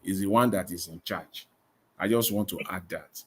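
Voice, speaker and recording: A man's voice: low voice, moderate pace, slightly rough. A man hosting a live call-in debate, stressing his points by repeating them emphatically. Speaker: host of a live discussion stream.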